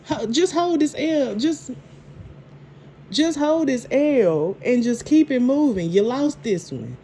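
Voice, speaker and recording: A woman's voice: high-pitched, takes it slowly, a little hiss or hum. Sassy woman recapping a TV episode. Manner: sassy, animated retelling with acted quotes. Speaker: TV show reviewer. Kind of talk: casual recap chat.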